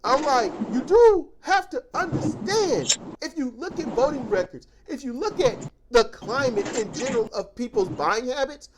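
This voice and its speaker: Ranting woman with a high voice. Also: moderate pace, hardly any pauses, background noise. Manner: animated ranting, mimicking others in quotes. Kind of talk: casual political discussion.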